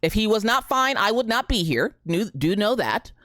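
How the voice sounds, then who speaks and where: A woman's voice: medium pitch, moderate pace, no room sound, studio quality. A woman in her thirties chatting casually on a live stream, greeting viewers by name and telling a story. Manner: animated, greets chat by name, Southern "y'all".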